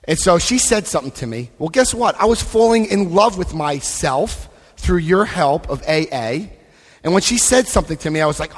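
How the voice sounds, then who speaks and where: A man giving a lively recovery talk to a live convention audience, acting out scenes and voicing quotes. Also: on the high side, brisk. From United States. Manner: animated, acts out scenes, shifts voice for quotes. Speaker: AA convention speaker. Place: convention hall. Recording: long hall reverb.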